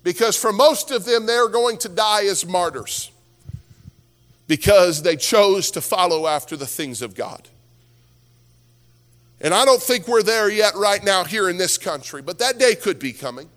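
Worship music fills a reverberant sanctuary as this man preaches, his high, fairly bright voice animated yet measured in pace. As pastor, he tells a story and then rises to impassioned exhortation.

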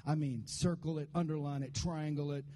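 Male pastor, high but mellow voice, preaches casually with jokes and congregation call-outs. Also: fairly even intonation, a little fast. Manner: conversational, joking, call-and-response with the congregation. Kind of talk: sermon.

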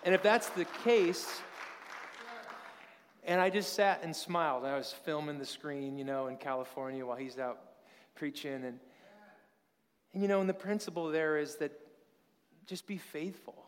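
A man's voice: on the high side, normal speed, pauses often, some chatter behind, slight background noise. A man in his thirties preaches with a slightly raised voice, chatting through stories and asking the congregation questions. His words ring out with a long church-hall reverb. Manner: conversational, anecdotal preaching with rhetorical questions. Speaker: pastor. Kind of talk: sermon.

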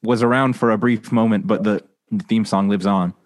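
Young man, lower voice, dry wry banter. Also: steady tone, moderate pace. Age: young adult. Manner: dry self-mocking humor. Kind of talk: casual chat.

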